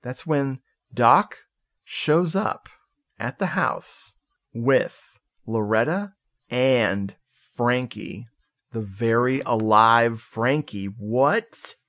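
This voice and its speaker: Animated man recapping a movie. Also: medium pitch, drawn-out words. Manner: animated storytelling, swearing, laughing asides. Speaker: podcast co-host. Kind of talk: casual movie recap chat.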